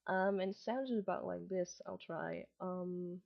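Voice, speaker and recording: A woman's voice: on the low side, steady tone, a little slow, creaky, lo-fi sound. A woman in her late teens who grew up between Germany and Malaysia, with a slight mixed German and Malaysian English accent, talking casually in a webcam vlog with lots of ums and restarts. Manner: rambling, many ums and restarts. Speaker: vlogger.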